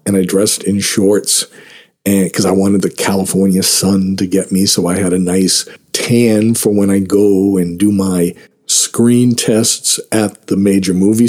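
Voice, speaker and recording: A man tells a personal story in a relaxed, self-mocking way, chuckling between lines. His voice sits fairly low and sounds warm and mellow rather than bright.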